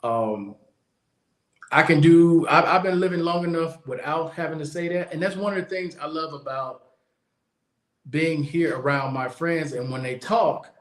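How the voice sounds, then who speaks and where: A man's voice: fairly high pitch, a little slow. A man hosting a podcast, speaking bluntly in a casual monologue and repeating his points for emphasis. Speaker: podcast host. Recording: echoey room.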